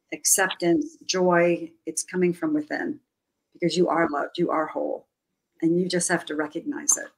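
A woman guest with a lower voice talks through a story in a gentle, reflective way. Her speech is relaxed and conversational, with frequent fillers. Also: poor audio. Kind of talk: casual interview chat.

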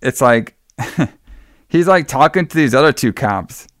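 Recapping a movie on his podcast, this co-host chats loosely and swears freely along the way. He speaks slowly and expressively in a mid-range, fairly bright voice, captured cleanly in the studio with no room sound.

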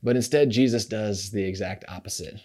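A man preaching a sermon, retelling a story in a relaxed conversational way, often repeating and restarting his words. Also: fairly low pitch, normal speed. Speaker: pastor.

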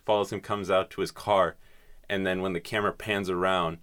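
A man's voice: deep voice, little pitch movement, fairly quick, fairly bright tone, clean tone, dry recording, clean studio sound. A man in casual chat, recapping a film's plot in a rambling way with lots of swearing and filler words. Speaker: podcast host recapping a film.

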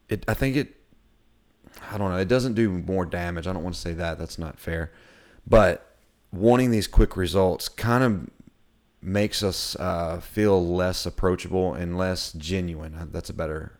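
Casting: middle-aged male co-host, very low voice, rambling, lots of ums and restarts. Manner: rambling with many fillers and restarts. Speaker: podcast co-host. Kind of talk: casual faith-based discussion.

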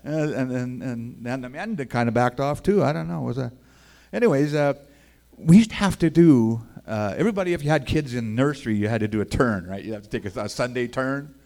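A man tells his personal testimony in a relaxed, folksy manner. He acts out the voices of the people in his story. His voice sits at an ordinary middle pitch for a man. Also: a little fast, vocal fry. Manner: casual and folksy, with 'man' and 'boy, I tell you'. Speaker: speaker giving a personal testimony.

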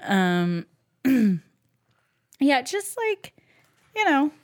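A woman co-hosting a podcast in casual chat, relaxed and rambling with fillers. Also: high voice, drawn-out words. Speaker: podcast co-host.

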